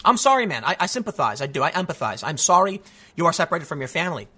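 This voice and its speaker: High, bright-voiced man ranting commentary. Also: very animated, racing, breathy edge. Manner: emphatic, argumentative, repeats "man", frequent restarts. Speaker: political commentator. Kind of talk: opinion commentary reacting to news.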